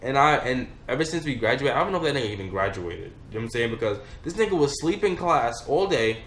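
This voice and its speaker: A man's voice: medium pitch, lively intonation, fast, few pauses, a bit bright. A young man telling a rambling, profane story in a casual storytime vlog. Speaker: vlogger. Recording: echoey room with faint noise.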